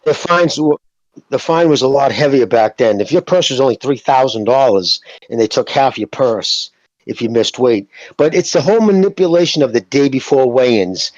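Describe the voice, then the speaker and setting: A man's voice: medium pitch, expressive, moderate pace, a little mellow, dry recording, muffled recording. Ranting man co-hosting a podcast. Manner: heated, profane ranting. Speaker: podcast co-host. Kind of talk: casual podcast chat.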